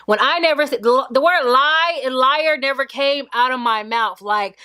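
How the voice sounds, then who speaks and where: A young woman tells a story from her school days in a casual, lively way. Her voice sits a little high, and she jumps in and out of the voices of the people she quotes. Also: normal speed, few pauses, clean tone. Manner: animated, acts out quotes of others. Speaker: vlogger.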